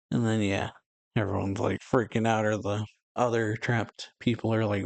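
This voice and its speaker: A man's voice: on the low side, level tone, normal speed, gravelly, dry recording. A man reading comic dialogue aloud in a casual, plain way, chuckling often between lines. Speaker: reaction channel host.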